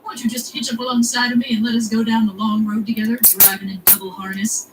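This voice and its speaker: A woman's voice: a little high, little pitch movement, fast, lightly acted. Lady putting on an earnest american cowboy drawl, folksy, mic far away w/ noise. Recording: distant mic, noisy background.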